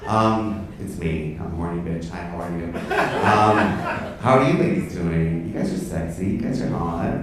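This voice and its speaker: A man's voice: low-pitched, normal speed, far from the mic, background noise. A man doing a stand-up set on a comedy club stage, brash, profane and camp, teasing the crowd. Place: comedy club stage before a live audience. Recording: echoey club, mic from afar, audience laughter.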